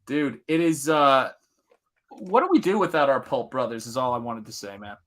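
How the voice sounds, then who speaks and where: A man's voice: medium pitch, expressive, normal speed, a bit bright. A middle-aged man hosting a live art stream, chatting casually and enthusiastically with his viewers while he paints. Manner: enthusiastic, rambling, talks to the chat.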